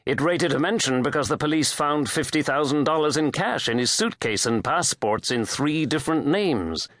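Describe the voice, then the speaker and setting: A man's voice: on the high side, lively intonation, normal speed, fairly bright tone, dry recording, studio quality, voice pushed up. Man voicing a terse, probing journalist. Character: blunt male journalist, the first-person hero. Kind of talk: audiobook character voice.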